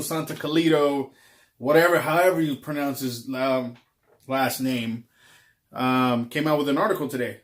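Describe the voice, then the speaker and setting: Man, vlogger, casual rant, rambling, frequent fillers, slightly high voice. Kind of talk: casual ranting monologue.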